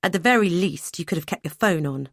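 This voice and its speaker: A woman's voice: lowish voice, lively intonation, brisk, dry recording, clean studio sound. A woman voicing a brusque, dutiful adult brother who talks bluntly and matter-of-factly in an audiobook. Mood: curt.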